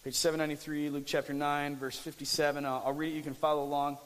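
A young male pastor talks through a scripture passage in a relaxed, joking way, often restarting his phrases. His voice sits a bit high for a man. It rings with the long reverb of a large church hall. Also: quick pace. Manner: conversational, frequent restarts, jokey asides. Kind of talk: casual sermon.

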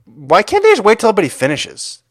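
A man's voice: sits high, huge pitch swings, fast talker, no room sound. A man co-hosting a running podcast, reading listener emails aloud with dry joking asides. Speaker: podcast co-host.

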